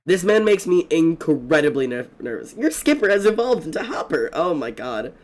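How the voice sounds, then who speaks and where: Excitable, profane young streamer guy. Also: a little high. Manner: excitable and profane, fast rambling storytelling with many fillers. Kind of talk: casual gaming stream chat.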